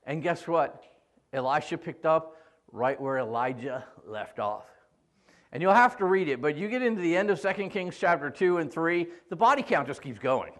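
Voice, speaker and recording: Pastor guy with a high voice, chatty and jokey while he preaches. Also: normal speed. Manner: animated, joking storyteller. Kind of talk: sermon.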